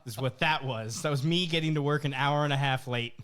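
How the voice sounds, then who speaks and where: A man's voice: mid-range voice, a little fast, a bit bright, smooth. A man from New Jersey, co-hosting a podcast and telling a story in casual, profanity-laced chat. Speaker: podcast co-host.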